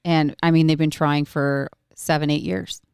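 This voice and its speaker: A podcast host chatting casually, playful and quick to tease. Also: mid-range voice, level tone, gravelly, clear, resonant tone, dry recording, studio quality. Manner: playful, teasing, laughs easily.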